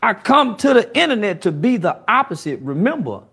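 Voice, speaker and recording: A man in a heated monologue, profane and confrontational, swinging between loud outbursts and low mutters. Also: big pitch swings, fairly quick, breathy edge. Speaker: internet commentator.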